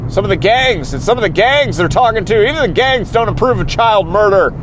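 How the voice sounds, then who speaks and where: A man's voice: high-pitched, expressive, fairly quick, background noise. A man hosting a podcast, recapping a TV episode in a casual, rambling way from inside a car while driving. He keeps talking himself into getting worked up. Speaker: podcast host.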